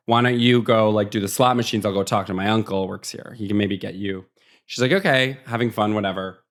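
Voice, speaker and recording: A man's voice: fairly low pitch, steady tone. A man co-hosting a podcast, casually retelling a movie plot in a rambling way and briefly acting out the characters' lines. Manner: rambling, acts out characters in quick snatches. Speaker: podcast co-host.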